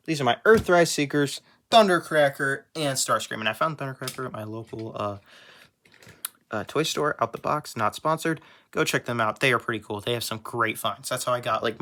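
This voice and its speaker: A man's voice: medium pitch, pushed and bright, a little hiss or hum. A man giving a casual toy review as a small YouTuber collector, rambling and joking at his own expense. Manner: rambling, joking, self-deprecating.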